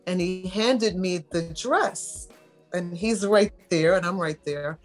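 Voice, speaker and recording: A middle-aged woman from New York, a model telling stories in a casual interview and acting out the voices she quotes. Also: medium pitch. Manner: animated storyteller, acts out quoted voices.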